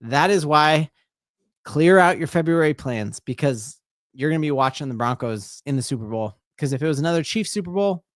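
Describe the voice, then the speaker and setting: A man hosting a live play-by-play watch-along as a sports fan, excitable and breaking into shouted exclamations, rambling and restarting his sentences. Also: fairly high pitch, normal speed, no echo, clean studio sound. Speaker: sports fan stream host.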